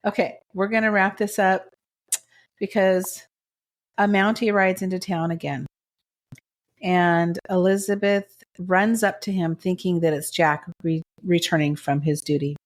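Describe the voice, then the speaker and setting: A woman's voice: lowish voice, steady tone, a little slow. A woman co-hosting a podcast, recapping a TV drama in casual chat with gushing, emotional enthusiasm. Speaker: podcast co-host.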